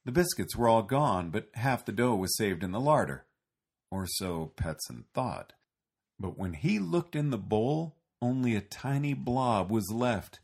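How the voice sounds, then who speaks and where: A man reading a children's storybook aloud in a slow, gentle way. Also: on the low side, sing-song, husky. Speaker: narrator.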